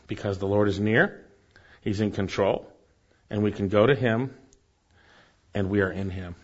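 A male pastor preaching a sermon, rising for emphasis and then dropping soft. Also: lowish voice, lo-fi sound.

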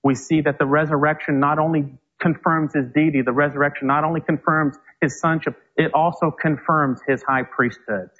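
A man's voice: fairly high pitch, steady tone, husky. Man, preacher, sermon, emphatic scripture reading, dull lo-fi radio broadcast. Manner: slow, emphatic verse reading.

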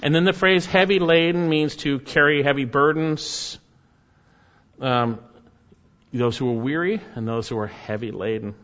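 A man's voice: a little high, a little slow, fairly bright tone. A man preaching an expository sermon, earnest and emphatic, pressing his points with rising and falling intensity. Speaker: pastor. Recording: muffled, with long hall reverb.

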